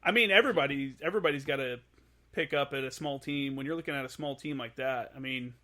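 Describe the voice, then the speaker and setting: A man's voice: medium pitch, fast talker, bright, forceful tone. A man hosting a casual podcast interview, talking bluntly with plenty of swearing and repeated words. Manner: blunt, profane, repeats words while thinking. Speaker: podcast host.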